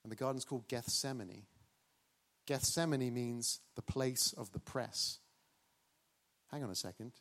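A man delivers a dramatic sermon at a middling pitch. He slows down to stress key words and keeps coming back to a rhetorical refrain. His tone is animated and engaged with his listeners. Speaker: preacher.

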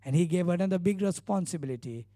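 A man's voice: sits high, expressive, fast, dark tone, no echo, clean studio sound. A male pastor preaching a sermon, retelling scripture earnestly with emphatic repeated phrases.

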